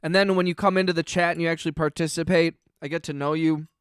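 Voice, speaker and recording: Guy streaming, reads chat out loud, sarcastic jokey bits, smooth kinda high voice, dry close mic. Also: little pitch movement, fast talker, no room sound. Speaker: livestream host. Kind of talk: casual livestream chat.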